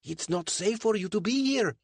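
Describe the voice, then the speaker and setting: A man voicing an excitable local helper in an adventure audiobook, speaking with urgent warnings. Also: high voice, normal speed, no echo, pitched above the performer's own voice.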